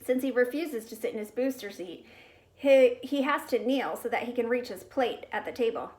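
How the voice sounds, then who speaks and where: Female reader, slightly high voice; reads a children's chapter book aloud, changing pitch and volume for each character. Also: moderate pace, darkish tone, poor audio. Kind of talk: storybook read-aloud.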